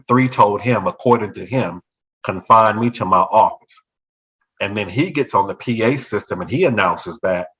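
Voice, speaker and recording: A man's voice: on the low side, poor audio. A man and former school principal telling a personal story in a talk show conversation, acting out other people's lines as he goes. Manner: animated, acts out other people's voices in quotes.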